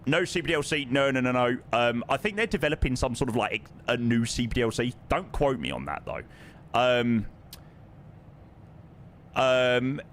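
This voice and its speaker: Man, London accent, live-stream chat, lively swooping voice, faint background hiss. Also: medium pitch. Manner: chatty, reads viewer names and questions aloud. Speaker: flight sim streamer.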